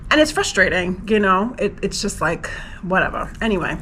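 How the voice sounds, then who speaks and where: A woman's voice: mid-range voice, sing-song, moderate pace, few pauses, pushed and bright, slight background noise, poor audio. Chatty New woman vlogger. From New York, USA. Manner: emotional, rambling, lots of "like" fillers. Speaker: travel vlogger. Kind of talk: casual personal vlog.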